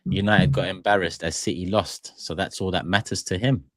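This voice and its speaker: British male host, low voice, dry close sound, reads super chats. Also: fairly even intonation, moderate pace, a bit bright, no room sound. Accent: British English. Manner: reads viewer comments aloud. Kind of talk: casual football chat.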